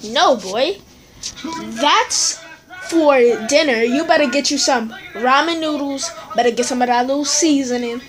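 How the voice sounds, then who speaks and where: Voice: high-pitched, measured pace. A young performer voicing a stingy father who bluntly refuses his son in a comedy skit. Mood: bossy. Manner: blunt, bossy.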